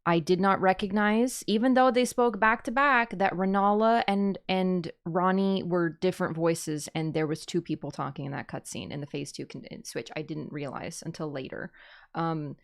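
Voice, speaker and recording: Gushing excitable woman reacting aloud. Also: fairly low pitch, moderate pace. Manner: gushing, rambling, swings between loud excitement and hushed murmurs. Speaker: YouTuber reacting to a game trailer. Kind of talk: excited casual reaction commentary.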